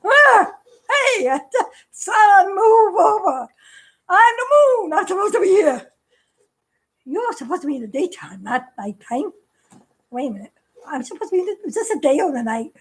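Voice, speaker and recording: A woman's voice: extremely high pitch, big pitch swings, normal speed. A woman voicing the moon as it scolds the sun in a giggly, scolding way. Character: the moon, bossy and indignant toward the sun.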